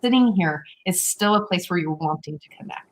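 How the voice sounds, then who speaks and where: A woman's voice: on the low side, lively intonation, a little fast, poor audio. A woman hosting an interview show, talking in a chatty way with lots of fillers and personal stories. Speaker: show host. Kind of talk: interview conversation.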